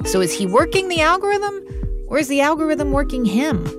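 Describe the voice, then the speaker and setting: A woman hosting a radio show, narrating from a script and interviewing a guest in a measured, curious way. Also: high voice, sing-song, over music.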